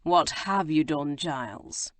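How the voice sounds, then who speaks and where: A woman reading an audiobook, voicing a composed, wry gentleman with a dry, measured manner. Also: deep voice, no room sound.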